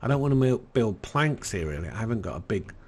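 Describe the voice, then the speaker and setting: An Englishman with an English accent giving relaxed let's-play commentary in a soft, soothing, unhurried way. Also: on the low side, a little hiss or hum. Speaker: game commentator.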